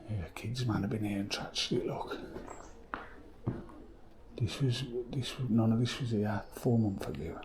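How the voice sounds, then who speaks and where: A man's voice: lowish voice, fairly even intonation, a little slow, pauses often. A man exploring an abandoned old building, talking in sweary, half-whispered, matter-of-fact asides. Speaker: urban explorer vlogger. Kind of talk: casual exploring commentary. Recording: loud background noise.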